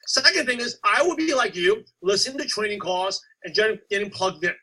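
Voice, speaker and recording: A man giving a motivational coaching talk to a sales team, telling stories and acting out his past self with animated energy. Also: high-pitched, moderate pace, breathy edge, rough recording. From United States. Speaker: network marketing coach.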